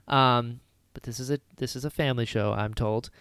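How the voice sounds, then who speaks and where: A woman hosting a podcast, recapping a film in casual chat with lively retellings. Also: extremely low pitch, clear, resonant tone, no echo. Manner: animated retelling with quick character voices. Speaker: podcast host.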